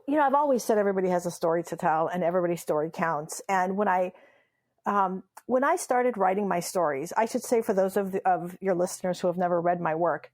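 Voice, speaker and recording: A fairly low, slightly mellow female voice. She is an Iranian memoirist and humorist whose first language is Farsi, telling stories in an animated interview with playful emphasis and lots of laughter.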